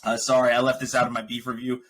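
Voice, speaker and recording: A fast-talking man with a mid-range voice hosts a podcast, casually and animatedly ranting about films and shows he watched while laughing often. The audio is poor.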